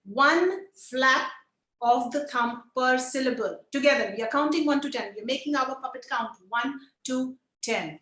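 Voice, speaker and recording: High-voiced woman teaching a puppetry class. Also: moderate pace, roomy sound, rough recording. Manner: lively, demonstrative, coaxing the group to join in. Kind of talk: online workshop instruction.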